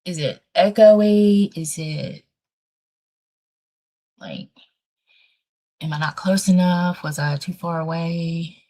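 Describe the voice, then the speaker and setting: A woman hosting a casual livestream with a dry throat, talking bluntly and thinking out loud as she rambles. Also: lowish voice, takes it slowly, pauses often. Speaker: livestream host.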